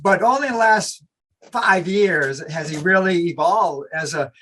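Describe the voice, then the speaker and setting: A man's voice: high-pitched, a little slow, a bit bright. A man in casual podcast conversation who speaks hesitantly, with many fillers and "you know"s.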